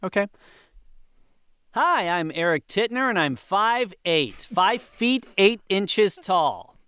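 A man playing an earnest, touchy actor at an audition in an improvised comedy scene, gushing and quick to turn belligerent. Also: medium pitch, lively intonation, fairly bright tone, smooth, no room sound, close to an everyday voice. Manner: gushing, then suddenly belligerent.

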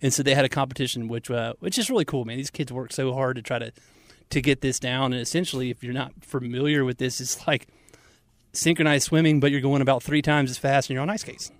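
A man co-hosting a podcast in casual chat, telling stories earnestly and warmly, with lots of filler words. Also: medium pitch, fast talker, dry recording. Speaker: podcast co-host.

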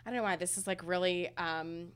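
A woman co-hosting a casual podcast, talking in an emotional, halting way full of fillers. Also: lowish voice, fairly even intonation, smooth. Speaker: podcast co-host.

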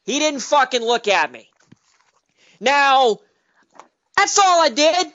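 A man calling in to a sports radio show, ranting angrily and swearing without pause. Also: very high-pitched, big pitch swings, a bit bright. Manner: profane, combative, repetitive ranting. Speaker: caller. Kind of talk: angry sports radio rant. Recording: dull lo-fi radio audio.

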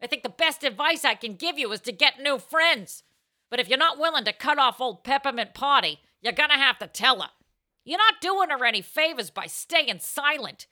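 Woman, high bright voice, brash crude podcast co-host. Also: lively intonation, normal speed. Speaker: co-host answering advice letters. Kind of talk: comedic advice podcast chat.

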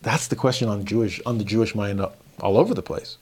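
A man giving a casual scripture lesson, animated and acting out the dialogue in quick voices. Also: on the low side, slightly rough. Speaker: scripture teacher.

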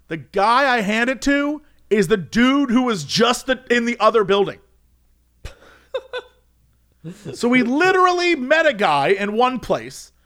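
Young man, high-pitched, casual anecdote, animated, laughing. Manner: animated, laughs often, acts out quotes. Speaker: storyteller.

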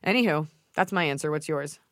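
A woman's voice: sits low, fairly quick, fairly bright tone, dry recording, studio quality. An American woman co-hosting a podcast, chatting in a blunt, joking, playful way. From United States. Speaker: podcast co-host. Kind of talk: casual chat.

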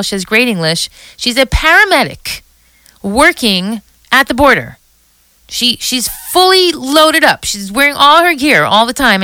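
A middle-aged woman hosting a podcast, talking in an excited, emotional casual monologue full of restarts and asides. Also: on the high side, clear, resonant tone, no room sound. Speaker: podcast host.

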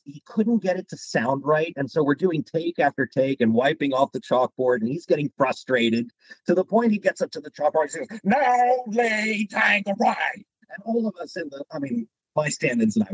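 A man being interviewed as a guest voice actor, telling stories in an animated way and slipping into quoted voices. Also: a little high, husky, dry recording, poor audio. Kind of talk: interview storytelling.

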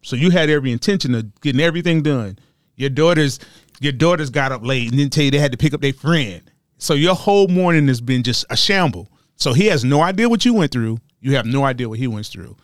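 A man's voice: fast, no echo. Guy chatting on a podcast, voice bounces up and down a lot, dry close sound. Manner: animated, jumps high in pitch when mocking. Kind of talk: casual group discussion.

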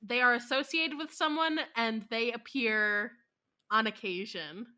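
A woman's voice: fairly high pitch, pushed and bright. A woman co-hosting a podcast, casually teasing out hints in a guessing game. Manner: teasing, giving hints slowly. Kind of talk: casual chat.

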